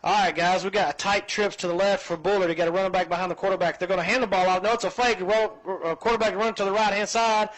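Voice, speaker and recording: A man calling high school football play-by-play in a folksy, chatty way. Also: quick pace, few pauses, rough recording. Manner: folksy, chatty, excitable on big plays. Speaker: play-by-play announcer.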